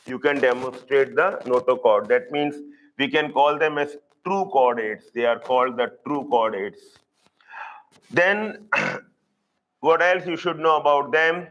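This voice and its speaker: Middle-aged zoology teacher, live class, unhurried, drills terms by repetition, checks in with students often. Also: male voice, medium pitch, fairly bright tone, lo-fi sound. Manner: slow, repeats key terms, asks students if they follow. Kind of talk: live online lecture.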